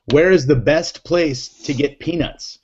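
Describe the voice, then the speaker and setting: A man's voice: on the high side, unhurried, slightly rough. A man hosting a casual online show, teasing his guests in a joking way. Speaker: host. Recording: dull lo-fi audio, faint noise.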